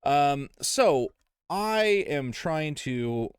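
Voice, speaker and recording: A young man on a casual podcast, ranting with sarcasm and frequent swearing, voice bouncing up and down in pitch. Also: expressive, extremely slow, clean tone, no echo, studio quality. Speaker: podcast co-host. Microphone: desk podcast mic.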